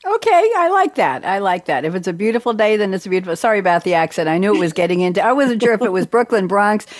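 A woman from New York hosting a lively radio chat, animated and quick to laugh at herself. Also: mid-range voice, no echo, studio quality. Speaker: host.

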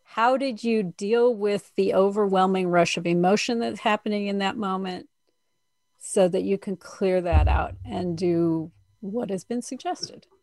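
Slow-talking woman asking questions. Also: mid-range voice, a little mellow. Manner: supportive, asks questions, joking. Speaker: podcast host. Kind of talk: casual conversation.

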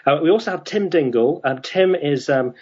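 Male host, husky mid voice, hesitant with ums, lo-fi recording. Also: a little high, animated, moderate pace, a little mellow. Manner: hesitant, many ums and restarts. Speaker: podcast host. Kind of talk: casual interview chat. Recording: dull lo-fi sound.

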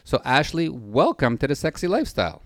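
A man's voice: medium pitch, sing-song, a little fast, no room sound, studio quality. A man co-hosting a podcast, reading promos and chatting in an upbeat way. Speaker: podcast co-host.

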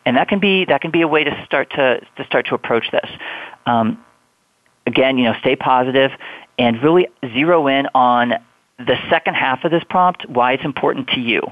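A man's voice: mid-range voice, normal speed, no room sound. Male guest advisor on a phone line; easygoing, filler-heavy advice. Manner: relaxed, explanatory, many fillers. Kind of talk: conversational advice. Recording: tinny phone line, dry.

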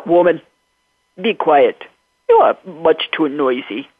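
A woman voicing a huge, irritable male elephant from a folktale, talking gruffly and impatiently in a lowered voice. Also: lively intonation, slow, dry recording, full character voice. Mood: irritated. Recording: tinny phone-like recording.

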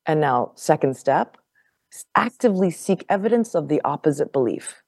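Low-voiced woman telling a story, laughing often. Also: normal speed, vocal fry, dry recording, clean studio sound. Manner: animated, laughs often, repeats words while telling a story. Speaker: podcast guest. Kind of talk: casual conversational storytelling.

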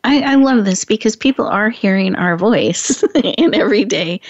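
A woman's voice: medium pitch, lively intonation, normal speed, dry recording. A woman hosting a podcast interview, asking long, affirming questions. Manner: warm, affirming, rambling questions. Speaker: podcast host. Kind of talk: conversational interview. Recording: dull lo-fi sound.

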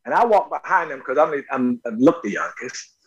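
A man from North Carolina, an actor interviewed as a guest, telling animated personal stories and often repeating words. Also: mid-range voice, moderate pace, breathy edge, highs cut off. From North Carolina, USA. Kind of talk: casual storytelling interview.

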